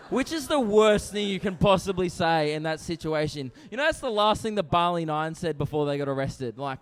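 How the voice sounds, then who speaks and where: A man's voice: high-pitched, lively intonation, measured pace. A young man performing a stand-up routine. He talks brashly and conversationally, often tagging lines with "right?". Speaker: stand-up comedian. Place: comedy venue stage. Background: audience laughter.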